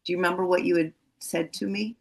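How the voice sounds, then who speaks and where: A woman's voice: on the low side, fairly even intonation, fast, creaky. A woman hosting an interview, encouraging her guest with short affirmations. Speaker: host. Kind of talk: interview host.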